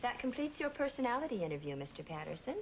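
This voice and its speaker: A woman's voice: a little high, big pitch swings, quick pace. An actor playing a polite, methodical woman who interviews applicants at a dating agency. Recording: dull old TV soundtrack, hiss.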